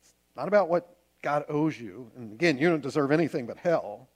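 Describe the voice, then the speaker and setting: A man's voice: a little high, animated, fairly quick. A man preaching a sermon as a pastor, earnest and conversational, using homely examples.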